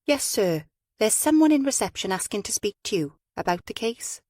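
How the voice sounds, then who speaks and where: A woman voicing a young female detective sergeant who speaks briskly and eagerly. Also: mid-range voice, expressive, darkish tone, no echo, clean studio sound, pitched above the performer's own voice, close to an everyday voice.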